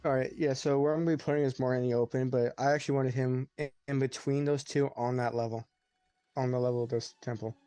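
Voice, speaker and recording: A man playing in a tabletop game, talking quickly and restarting while explaining his plan. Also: medium pitch, fairly even intonation, mellow, clear, resonant tone, no room sound, faint music behind. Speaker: player. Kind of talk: casual tabletop game chat.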